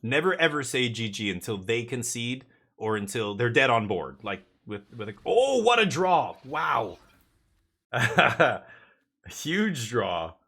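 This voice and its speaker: A man streaming a card game live, chatting excitedly and joking with his chat as he plays. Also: mid-range voice, slow, slightly rough.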